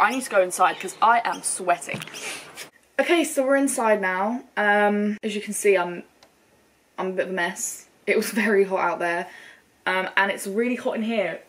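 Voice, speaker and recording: A woman's voice: mid-range voice, a little hiss or hum. Chatty young British woman, travel vlog. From United Kingdom. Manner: chatty and upbeat, lots of likes and fillers. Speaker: travel vlogger. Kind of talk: casual chat to camera. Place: outdoors in the sun, later indoors.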